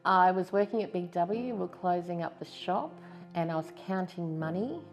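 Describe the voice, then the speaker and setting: A woman's voice: on the low side, moderate pace, soft background music. A woman in her fifties with an Australian accent, candidly and earnestly telling her own story as a stroke survivor in a testimonial interview. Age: 50s.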